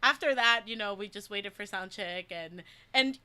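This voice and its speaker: A young woman from the Dominican Republic, a native Spanish speaker, co-hosting a casual podcast chat, animated and laughing as she retells stories. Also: mid-range voice, moderate pace, noisy background. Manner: animated, laughing, quotes others in voices. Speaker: podcast co-host.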